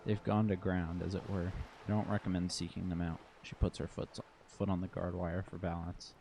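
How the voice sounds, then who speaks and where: A man reading the lines of a composed, guarded woman who acts as liaison for hired mercenaries, in a calm, measured way. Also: sits low, vocal fry, slight background noise.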